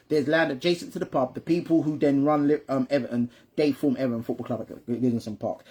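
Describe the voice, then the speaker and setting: Speaking in a slightly rough, mid-range voice, a man who hosts the channel walks his son through football history in a relaxed conversation. "Right?" and "you understand me?" come up often, and he restarts or repeats words whenever he trips up.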